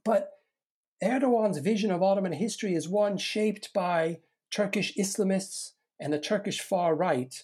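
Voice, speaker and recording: A middle-aged historian giving a long, measured answer in an academic discussion, restarting phrases as he goes. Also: medium pitch, a little mellow, husky. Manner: measured, lecturing with frequent restarts.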